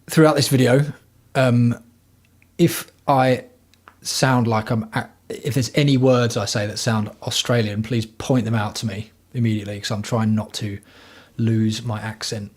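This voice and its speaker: A man's voice: mid-range voice, steady tone, a little slow, darkish tone. A man hosting a casual livestream from home, talking bluntly and rambling with plenty of swearing. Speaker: livestream host.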